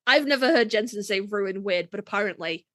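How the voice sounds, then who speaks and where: A woman's voice: mid-range voice, expressive, fairly quick, a bit bright, dry recording, studio quality. A woman co-hosting a fan podcast, chatting casually and bluntly, swearing freely. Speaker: podcast co-host.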